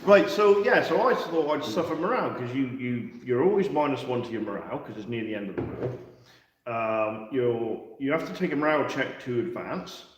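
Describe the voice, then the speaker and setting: A man's voice: medium pitch, animated, a little fast, slight background noise. A man in casual, rambling chat about tabletop wargame rules, joking as he goes. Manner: chatty, rambling, jokey. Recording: roomy echo, mic at a distance.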